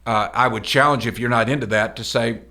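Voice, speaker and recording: A man's voice: medium pitch, fairly even intonation, quick pace, pushed and bright. A middle-aged man co-hosting a motivational podcast, talking in a folksy, emphatic, preacher-like way. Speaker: podcast co-host.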